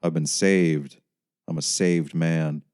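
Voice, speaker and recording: A man's voice: very deep voice, fairly even intonation, slow pace, darkish tone, smooth. A man voicing an erratic, suspicious male patient who preaches about being saved. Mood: preachy. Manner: suspicious, snapping, leering.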